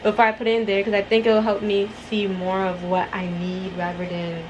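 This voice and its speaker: A woman's voice: medium pitch, monotone, fairly quick, poor audio. A young adult woman chatting casually to her viewers in a vlog, rambling and addressing them as y'all, from her bedroom. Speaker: vlogger.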